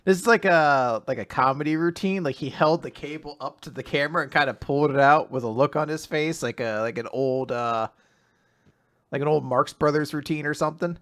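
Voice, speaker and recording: Bright-voiced joking man. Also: fairly high pitch, a little fast. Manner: jokey, laughs often, playfully grandiose. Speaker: podcast co-host. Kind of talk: casual chat.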